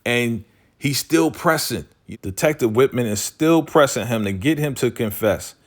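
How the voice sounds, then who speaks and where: A man giving a casual recap of a TV episode, animated and slangy, full of "you know" and "like". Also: mid-range voice, measured pace. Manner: animated, slangy storytelling, acts out quoted lines; frequent "you know" and "like" fillers.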